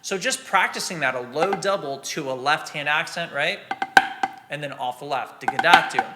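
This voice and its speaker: A man teaching drum rudiments in a relaxed, practical way, sometimes scatting the rhythms aloud. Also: fairly high pitch, normal speed, over loud music. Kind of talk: instructional explanation.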